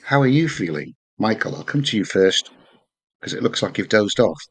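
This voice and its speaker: A man's voice: fairly low pitch, lively intonation, moderate pace, husky. A man hosting a podcast in casual chat, jokey and bantering with his guests. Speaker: podcast host.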